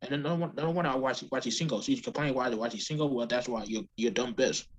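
A man's voice: medium pitch, fast talker, slightly rough. A man co-hosting a casual wrestling podcast, talking bluntly with many restarts and fillers. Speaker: podcast co-host.

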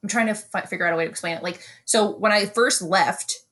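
A young woman from Brooklyn, co-hosting a podcast in casual chat, telling animated, profane stories and mimicking people. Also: medium pitch, fast talker. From Brooklyn, New York. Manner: animated storytelling, swears freely, mimics others. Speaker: podcast co-host.

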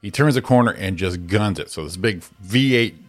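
A middle-aged man co-hosting a morning show, telling stories in casual chat and shouting out the voices of people in them. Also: lowish voice, normal speed, soft background music. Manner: animated storyteller, shouts out quoted voices.

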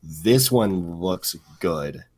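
A man's voice: sits low, expressive, extremely slow, a little mellow, no echo. A young married man co-hosting a podcast, rambling with lots of fillers and blunt swearing. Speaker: podcast co-host. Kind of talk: casual podcast chat.

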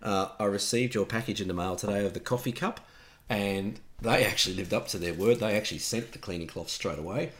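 Low-voiced Australian man chatting. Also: brisk. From Tasmania, Australia. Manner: relaxed storytelling, frequent restarts. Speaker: podcast co-host. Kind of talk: casual chat.

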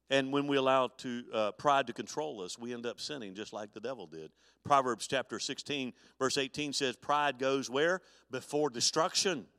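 A man's voice: medium pitch, a bit bright, dry recording, studio quality, long reverb tail. A man preaching a live sermon as pastor, folksy, with stammered restarts and chuckles. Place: church sanctuary.

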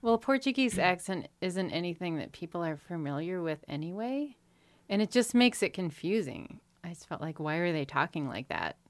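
A low-voiced woman gives blunt, quick opinions on a film in a laid-back podcast chat. She is recorded close and dry, with no room sound. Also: big pitch swings, dry recording. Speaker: podcast co-host. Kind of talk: casual movie review chat.

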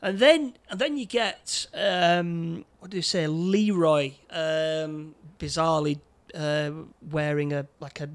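A man with a fairly high voice talks through a film scene by scene in casual chat. He stumbles often, repeating words and padding with fillers as he goes. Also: takes it slowly, hardly any pauses. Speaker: podcast co-host.

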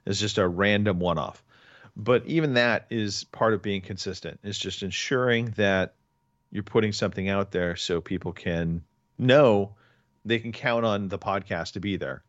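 A man's voice: lowish voice, moderate pace, no room sound, highs cut off. A man hosting a podcast, chatting casually in a rambling way with many restarts. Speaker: podcast host. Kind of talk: casual chat.

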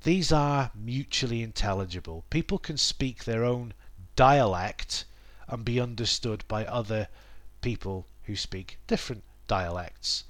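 A middle-aged man hosting a language podcast, talking through a lesson in a thoughtful, self-correcting way with many pauses and asides. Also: medium pitch. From England. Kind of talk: reflective spoken lesson.

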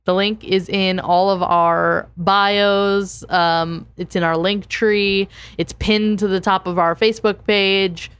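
A woman's voice: mid-range voice, steady tone, slow, few pauses, a bit bright, clear, resonant tone. A woman co-hosting a podcast in casual chat, reacting with wry, teasing remarks and reading announcements. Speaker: podcast co-host.

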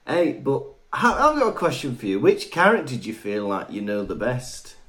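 A man's voice: medium pitch, wildly swooping pitch, normal speed, fairly bright tone. Chatty man co-hosting a podcast. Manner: jokey and chatty. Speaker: podcast co-host. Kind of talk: casual chat.

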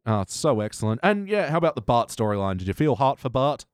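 A man hosting a casual podcast chat, animated and quick to act out quotes. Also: medium pitch, smooth, no room sound, clean studio sound. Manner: animated, quotes lines in excited voices. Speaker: podcast host.

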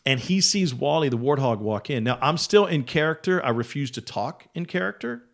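A man's voice: fairly high pitch, expressive, moderate pace, creaky. A man telling a funny story on a podcast in a casual way, acting out other people's voices as he goes. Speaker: podcast guest.

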